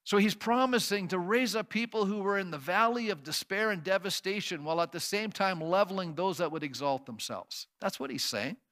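A man's voice: high voice, brisk, few pauses, a bit bright. A man pastor preaching a sermon, reading scripture aloud and then building to emphatic, repeated declarations, with rhetorical questions to his listeners. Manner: uses sound effects and asks the congregation questions.

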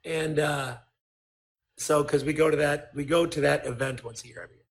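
This man sounds a little high and talks fairly fast. As a guest, the toy designer spins casual stories full of profanity, getting animated and performing other people's quotes.

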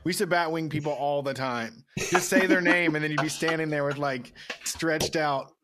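A man's voice: on the high side, normal speed. A man co-hosting a podcast in casual comedic chat, making crude, laughing riffs. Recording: faint background noise.

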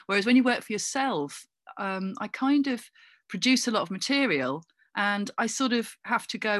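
A middle-aged woman from England, chatting as a guest in an interview, animated and full of asides and fillers. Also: mid-range voice, a little fast, no room sound. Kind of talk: casual interview chat.

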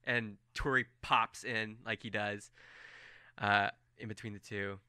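A man's voice: fairly low pitch, steady tone, measured pace, sharp tone, clean tone, dry recording, studio quality. A man narrating a tabletop game as game master in a loose, casual storytelling manner.

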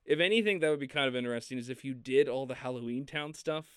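A man co-hosting a film podcast in casual chat, animated and laughing often as he talks. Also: medium pitch, fast talker, clean tone, dry recording. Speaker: podcast co-host.

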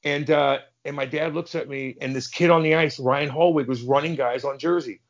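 A man's voice: fairly high pitch, normal speed, lo-fi sound. A man guest telling stories in a casual, profane way, acting out the voices of people in them. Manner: profane, animated, plays out voices in his stories. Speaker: podcast guest, former hockey enforcer. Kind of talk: casual storytelling.

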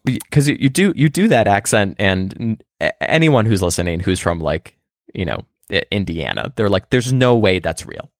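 Low-voiced musing podcast co-host. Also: male voice, big pitch swings, dry recording, studio quality. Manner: musing, halting, stumbling restarts. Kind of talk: casual chat.

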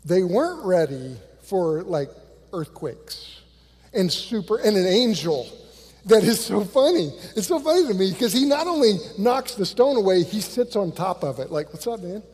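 A male pastor preaching a sermon, animated and conversational, swinging from loud bursts to hushed lines and acting out quotes in a church. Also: high-pitched, normal speed, breathy edge, in a large hall. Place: church sanctuary.

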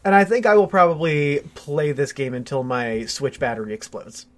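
A man's voice: a little high, lively intonation. A young man co-hosting a podcast, explaining his views in an easygoing way with many fillers. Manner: measured, explanatory, hedging with fillers. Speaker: podcast co-host. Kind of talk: casual chat.

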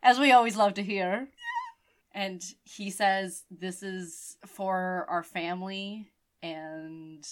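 A woman's voice: medium pitch, fairly even intonation, slow pace, clear, resonant tone. A woman co-hosting a podcast, recapping a TV episode in casual chat, enthusiastic and full of swearing and "like". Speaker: podcast co-host.

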